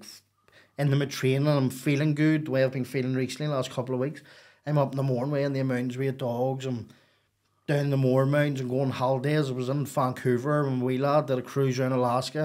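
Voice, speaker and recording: A man, a podcast guest telling a story in a casual, animated, profane and rambling way. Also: medium pitch.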